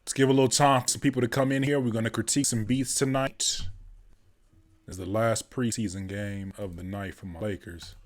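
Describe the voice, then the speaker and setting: A man hosting a casual livestream, hoarse from a cold, chatting easily with viewers and laughing often. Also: fairly low pitch. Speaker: host, rapper and music producer.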